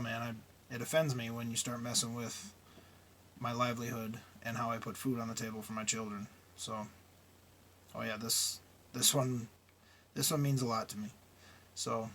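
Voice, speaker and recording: A man's voice: medium pitch, a bit bright, slight background noise. A middle-aged man who drives trucks, talking casually and bluntly in a vlog and grumbling about his frustrations.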